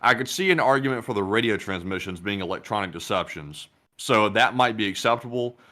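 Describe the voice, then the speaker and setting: A man co-hosting a casual news talk show, measured and hesitant, often pausing on "uh". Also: lowish voice, animated, sharp tone. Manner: hesitant, many "uh" fillers, measured. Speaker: co-host.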